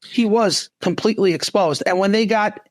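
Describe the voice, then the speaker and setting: A man's voice: high-pitched, normal speed, no room sound. A man who used to be a police officer, co-hosting a casual talk show and talking in restarts and asides. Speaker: podcast co-host, former police officer. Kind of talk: casual discussion.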